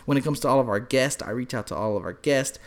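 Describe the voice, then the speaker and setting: Here a young man co-hosts a podcast, speaking quickly in a mid-range voice. His rambling anecdotes are thick with profanity, and he raises his voice to a shout whenever he performs what someone said.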